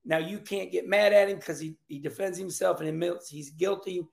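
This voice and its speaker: A high-pitched, gravelly older man talks through a race in a loose, chatty commentary. He jokes and drifts into asides as he goes. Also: moderate pace. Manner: chatty, joking, animated asides. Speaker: racing commentator. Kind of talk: casual commentary vlog.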